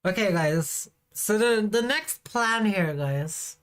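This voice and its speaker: A woman's voice: mid-range voice, animated, takes it slowly. A woman streaming a farming game, chatting casually and teasing her viewers with a playful, giggly manner. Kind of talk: casual live-stream chat.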